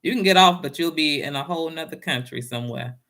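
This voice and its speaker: Bright-voiced woman telling a personal story. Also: low-pitched, fast. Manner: casual, down-home, addresses the audience as y'all. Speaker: motivational speaker.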